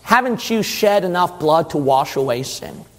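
A man's voice: on the high side, lively intonation, moderate pace, a bit bright, voice pushed down. A male preacher voicing the devil in a sermon retelling, coaxing at first and then screaming. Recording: long hall reverb.

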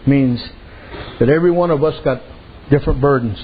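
A man's voice: medium pitch, brisk. A man preaching a sermon in a folksy storytelling way, peppering his talk with amens. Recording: dull lo-fi sound with faint noise.

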